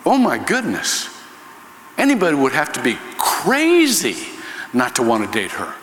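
A man's voice: fairly high pitch, huge pitch swings, unhurried, fairly bright tone, a little hiss or hum, exaggerated voice. A man voicing a humble young man who speaks about a woman with earnest awe. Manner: earnest, awed. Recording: echoey hall reverb.

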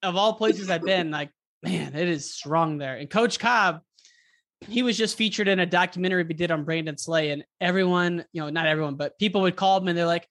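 Relaxed rambling podcast host. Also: medium pitch, brisk. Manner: relaxed, rambling questions with fillers. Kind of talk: casual interview chat.

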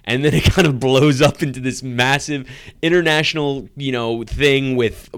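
Smooth-voiced man co-hosting a casual podcast. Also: medium pitch, steady tone, moderate pace, fairly bright tone, dry recording, clean studio sound. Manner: rambling, laughs while telling stories. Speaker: podcast co-host. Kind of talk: casual chat.

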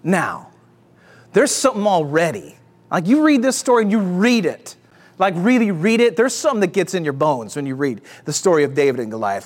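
Brief: energetic male preacher, lively swooping delivery, rallies the church. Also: sits high, brisk. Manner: energetic, exclamatory, call-and-response. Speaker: pastor. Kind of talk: sermon.

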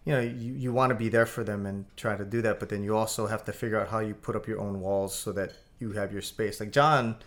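A man's voice: fairly low pitch, steady tone, brisk, hardly any pauses. A man in casual conversation, talking in a reflective, hesitant way with many fillers.

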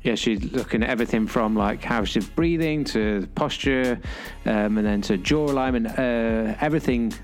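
A man's voice: mid-range voice, moderate pace, faint music behind. Hesitant, chatty man co-host. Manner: hesitant, full of fillers, friendly. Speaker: podcast co-host. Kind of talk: casual podcast chat.

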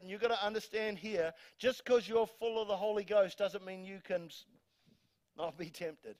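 Male pastor, New Zealand accent, high pitch, emphatic preaching, repetitive phrasing. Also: moderate pace. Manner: emphatic, repeats words, reads scripture aloud, jokes with congregation. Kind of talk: sermon. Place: church hall.

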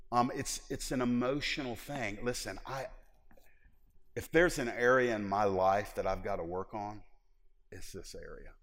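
A middle-aged man preaching in a church with a mid-range voice. He is animated and funny, slipping into little acted-out scenes. A long reverb from the sanctuary trails behind his words. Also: medium pitch. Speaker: pastor. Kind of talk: sermon.

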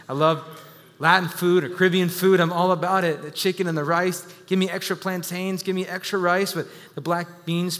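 A man in his thirties preaching a sermon, telling a story with self-deprecating humor and sudden animated bursts. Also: a little high, long reverb tail. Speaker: pastor.

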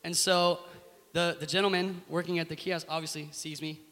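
Bright-voiced animated American man. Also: fairly high pitch, moderate pace. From United States. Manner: animated, emphatic, laughs through his story. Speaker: guest. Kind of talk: animated storytelling in an interview. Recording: echoey room with faint hiss.

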